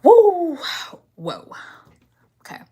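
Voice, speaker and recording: A young woman hosts a late-night live stream and fires back at a commenter in a sassy, confrontational rant. Between bursts she drops low to mutter chat messages half under her breath. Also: huge pitch swings, drawn-out words, dark tone. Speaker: livestream host.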